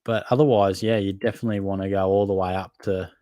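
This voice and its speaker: Deep, warm and steady, an Australian man's voice moves at a quick pace as he hosts a live Q&A for his fantasy football podcast. He reads viewer questions and answers them in a matey, casual, conversational manner, hedging with fillers, and there's no room sound.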